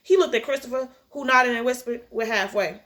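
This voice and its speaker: A woman reads a book aloud and breaks off into animated, profane reactions to it. Her voice is high and bright throughout. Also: a little fast. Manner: animated, profane outbursts between passages. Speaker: reader and commentator. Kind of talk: casual read-aloud with reactions.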